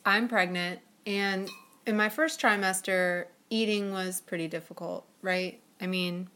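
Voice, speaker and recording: A woman's voice: mid-range voice, fairly even intonation, measured pace, sharp tone. A woman co-hosting a podcast, telling a story in a chatty way, with lots of fillers and giggles. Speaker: podcast co-host. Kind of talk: casual storytelling chat.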